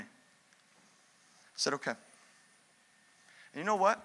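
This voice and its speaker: A man preaches a sermon, fired up and emphatic, hammering his points through repetition. His voice sits high for a man and rings with a bright, sharp edge. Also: measured pace, long pauses. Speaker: pastor.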